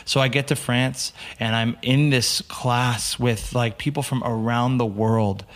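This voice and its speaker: Talking a little slowly in a mid-range voice, a young man from the United States swaps stories as a podcast guest in a relaxed, casual interview. He tells them with animation, performing the quotes of the people involved.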